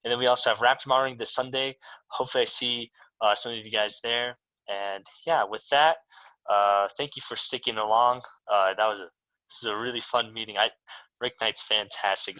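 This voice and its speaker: A young man hosting a student club meeting, making casual, halting announcements over a video call. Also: fairly low pitch, steady tone, pushed and bright, no echo, poor audio. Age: young adult. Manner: casual, halting, filler-heavy. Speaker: student chapter officer, meeting host.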